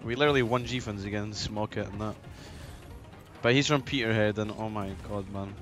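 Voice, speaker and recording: A young Scottish man chatting on a live gaming stream, excitable and swearing freely, often breaking into laughter. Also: lowish voice, moderate pace. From Scotland. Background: faint music.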